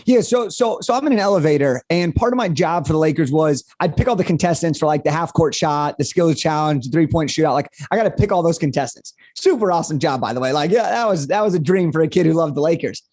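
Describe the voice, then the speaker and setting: An upbeat young man tells a story as a podcast guest, with high-energy, animated delivery. His voice sits high but sounds mellow and warm, recorded dry and close. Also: fast, hardly any pauses, dry recording. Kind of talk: storytelling interview answer.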